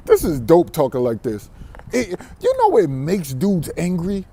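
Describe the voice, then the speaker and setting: A man's voice: on the high side, huge pitch swings, slow pace, pauses often, mellow, a little hiss or hum. A man vlogging a brash, defiant monologue to camera, boastful and profane, often breaking into laughter. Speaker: vlogger on dating abroad.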